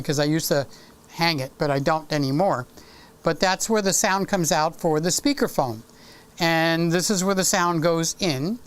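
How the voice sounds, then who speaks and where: A man's voice: on the high side, clear, resonant tone. A man hosting a casual live stream with a sore throat, chatty and teasing, talking into a desk microphone. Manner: chatty, teasing and affectionate with viewers.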